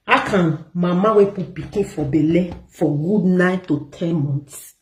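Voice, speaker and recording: A woman's voice: fairly low pitch, a little slow, darkish tone, reverberant. A Nigerian woman hosting an online gossip show, ranting at her viewers in an emphatic, scolding way and repeating words for stress.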